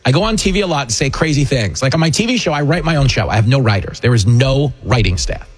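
A man hosting a talk show, ranting with sarcastic, animated, mocking political commentary. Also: medium pitch, fast talker, husky. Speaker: radio host and comedian.

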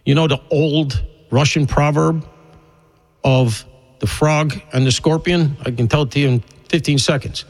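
A man's voice: on the high side, a little slow, poor audio. A man hosting a radio talk show, delivering an opinionated, rambling monologue with emphatic punches and wry asides.

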